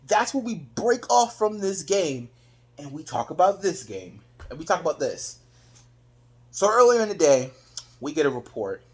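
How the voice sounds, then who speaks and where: High-pitched man, excitable fan recapping a game in casual vlog talk. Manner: excitable, retells plays with his own reactions. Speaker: sports fan reviewing a game.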